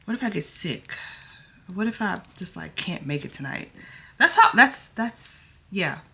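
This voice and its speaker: With a fairly low pitch that swings widely, this woman's creaky, pushed, bright voice moves at a measured pace. She's a vlogger in her thirties doing a casual get-ready-with-me chat, nervously performing both sides of a dialogue.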